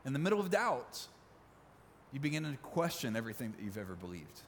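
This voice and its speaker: A man, a pastor preaching a sermon with emphatic repetition and dramatic pauses, recorded in a church sanctuary. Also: mid-range voice, very animated, gravelly, a little hiss or hum. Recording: long reverb of a large hall.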